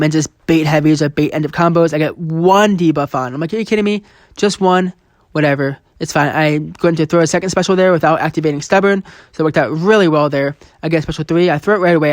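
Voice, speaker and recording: A man's voice: on the high side, dry recording, studio quality. A young man commenting over his own gameplay footage, venting frustration at his mistakes and acting out his reactions. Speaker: gaming channel host.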